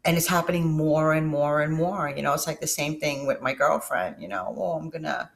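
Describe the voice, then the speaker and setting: A woman's voice: sits low, steady tone, fairly quick, creaky. Candid middle-aged woman vlogger, swearing freely. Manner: candid, emotional, swears freely, trails off and restarts. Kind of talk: casual personal storytelling to camera.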